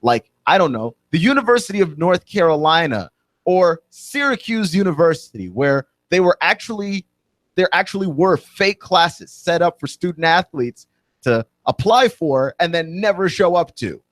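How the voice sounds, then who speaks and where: A man's voice: on the high side, expressive, moderate pace, no room sound. Indignant male talk radio host, dry sound. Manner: indignant, opinionated ranting with rising emphasis. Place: radio studio.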